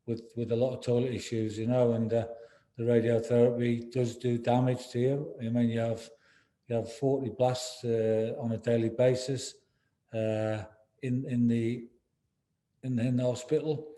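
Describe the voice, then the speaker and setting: Dark-voiced older man, halting. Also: mid-range voice, flat delivery. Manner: halting, repeats words, says "you know" often. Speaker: interview guest, former footballer. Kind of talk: candid interview conversation.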